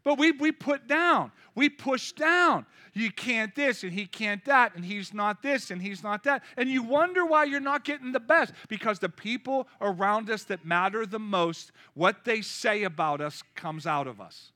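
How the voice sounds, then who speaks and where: A man in his fifties preaching a lively, joking sermon with call-and-response. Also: high voice, a little slow, hardly any pauses. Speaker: pastor.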